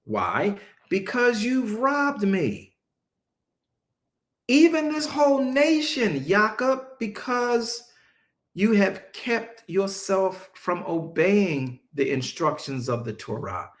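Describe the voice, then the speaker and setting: Lively high-voiced preacher man. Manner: emphatic, call-and-response, slowing to stress scripture; casual Southern-leaning vernacular, mocking asides. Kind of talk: Bible-study sermon.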